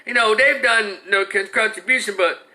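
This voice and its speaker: A man hosts a live stream, talking straight to his viewers in a loose, ranting way. His voice is bright and sharp and sits a little high. He restarts his sentences often as he talks. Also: brisk. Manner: animated, ranting, frequent restarts. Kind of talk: casual commentary to live chat.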